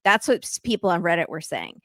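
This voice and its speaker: A woman hosting a casual recap chat, telling the story with lively acted-out quotes and free swearing. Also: fairly low pitch, fairly quick, a crowd in the background. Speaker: podcast host.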